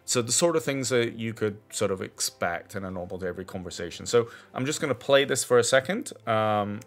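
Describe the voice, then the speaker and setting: A man presenting a screen-share technology demo, explaining in a halting way that restarts and repeats words. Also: fairly low pitch, expressive. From Scotland.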